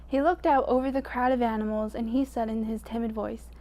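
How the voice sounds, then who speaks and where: A woman storyteller reading a picture book aloud to children in an expressive way, dropping to a hush at quiet moments. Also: fairly high pitch, a little fast, hardly any pauses.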